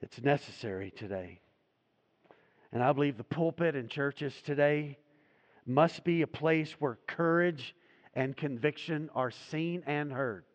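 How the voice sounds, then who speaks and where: A man preaching a sermon as pastor in a church, his voice swelling loud and dropping low as he drives his points home. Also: a little slow, big-room sound. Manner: preaching with dramatic swells and drops in volume. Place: church sanctuary.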